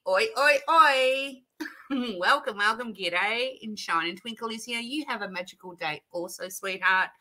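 An Australian woman hosts a live craft stream from her craft room, greeting viewers in a chatty, bubbly way and laughing often. Her voice is on the high side, pushed and bright.

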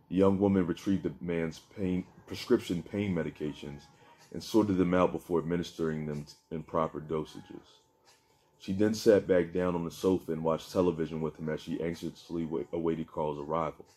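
A man reading aloud from a novel in a steady, subdued way. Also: deep voice, normal speed. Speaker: narrator reading his own novel. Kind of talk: book reading.

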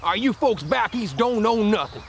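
A man's voice: high voice, sing-song, moderate pace, vocal fry, heavy background noise, exaggerated voice. A man playing a grumbling male rancher with a Texas accent and a folksy, complaining way of talking. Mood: puzzled.

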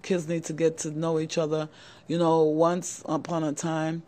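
A woman's voice: sits low, monotone, moderate pace, dark tone. A middle-aged woman who hosts a channel, giving young men earnest, repetitive advice straight to the camera and often calling her listeners "guys". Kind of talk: motivational talk to camera.

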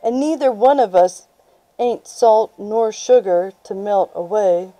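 A kindly old veteran who speaks in a slow, unhurried rural drawl, as a woman reads him aloud. The tone is very dark and mellow, and the room is dry and close. It sounds like a storybook reading. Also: medium pitch, no echo, soft background music, close to an everyday voice, poor audio. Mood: folksy. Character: old male war veteran, folksy and kindly.

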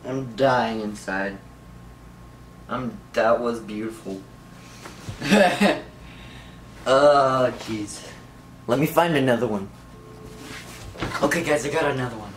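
A man's voice: medium pitch, takes it slowly, pauses often. A young man rambling in a casual vlog, giggling a lot. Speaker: vlogger. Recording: roomy, from far off, faint noise.

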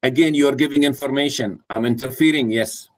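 This interactive workshop talk features a man with a mid-range, brisk voice. Speaking live at a mentoring workshop, he quizzes the audience and role-plays a parent addressing a child.

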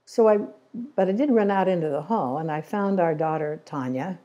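A woman's voice: on the low side, animated, moderate pace, mellow, muffled recording. A middle-aged woman giving a church talk, telling stories earnestly and acting out the quotes. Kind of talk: storytelling sermon.

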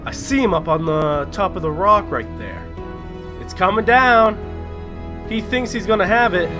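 A man giving live gameplay commentary, excitable and profane, talking to himself as he plays. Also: high voice, normal speed, over music. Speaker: gaming streamer.

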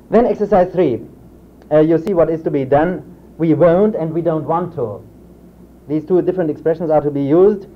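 A man's voice: fairly high pitch, animated, moderate pace. A man giving an academic lecture, hesitant, with many fillers and restarts. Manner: reads example drill sentences aloud in a raised voice. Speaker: professor giving a convocation lecture. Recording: tinny lo-fi 1960s reel-to-reel tape with faint hiss.

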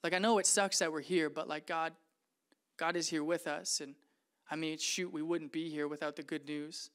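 A man voicing an imprisoned apostle who speaks in a laid-back, chatty way that turns quiet and earnest. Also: on the high side, fairly even intonation, moderate pace, close to an everyday voice. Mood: calm, earnest. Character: weary, steadfast male apostle in prison.

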